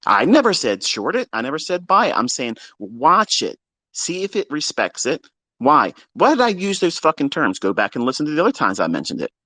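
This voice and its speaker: A man's voice: a little high, wildly swooping pitch, a little fast, sharp tone, no room sound. Profane, exasperated man ranting at his viewers. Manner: mocks listeners in put-on quotes. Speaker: trading educator. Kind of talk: ranting livestream lecture.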